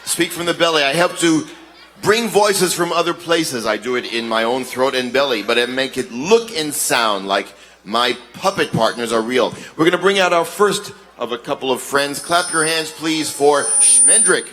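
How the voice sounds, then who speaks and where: A man's voice: mid-range voice, normal speed, pushed and bright. A man performing as a ventriloquist in a live stage comedy act, mixing English with Yiddish and speaking straight to the children. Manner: mixes English with Yiddish, addresses children directly. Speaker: ventriloquist entertainer.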